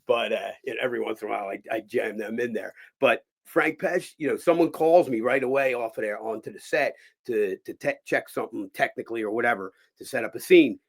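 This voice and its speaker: A man from Philadelphia, hosting a casual chat show, spins a long anecdote with a voice of middling pitch. He leans into every quoted line, switching voices and raising his volume for the punchlines. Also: fairly quick, creaky, hardly any pauses. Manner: animated storyteller, acts out quotes with loud impressions. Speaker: host. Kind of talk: storytelling chat.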